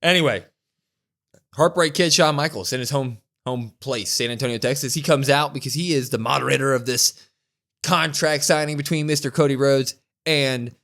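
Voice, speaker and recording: Young man at a mid pitch, co-hosting a podcast in a relaxed, chatty way. He narrates a wrestling show blow by blow. He jumps into a raised voice whenever he quotes the wrestlers. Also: normal speed. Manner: animated retelling, acting out quotes with a raised voice. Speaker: podcast co-host. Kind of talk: casual wrestling recap.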